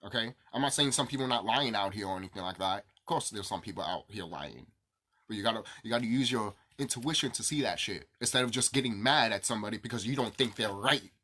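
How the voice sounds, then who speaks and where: A man's voice: lowish voice, quick pace, pushed and bright. A young man venting to his viewers in an angry, profane, repetitive rant. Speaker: vlogger. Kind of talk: ranting to camera.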